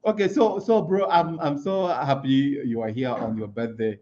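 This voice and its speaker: An expressive, unhurried man with a mid-range, darkish voice delivers a motivational talk at an online conference. He repeats key words for emphasis and keeps raising rhetorical questions that he answers himself. The recording sounds slightly muffled and lo-fi.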